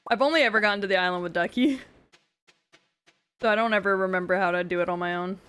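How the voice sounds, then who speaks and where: A woman live streams a video game and chats casually with her viewers, teasing them playfully. Her mid-range voice is fast, fairly bright and clean.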